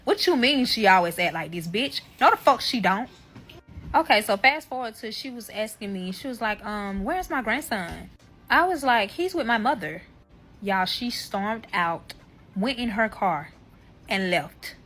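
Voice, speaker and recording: A woman telling a personal story in casual story-time style, animated and full of profanity. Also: medium pitch, measured pace, faint music behind.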